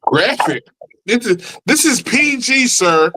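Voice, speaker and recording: A man's voice: very high voice, big pitch swings, takes it slowly, sharp tone, a little hiss or hum. A man co-hosting a casual wrestling podcast, making short, wry, laid-back remarks. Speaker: podcast co-host. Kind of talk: casual wrestling review chat.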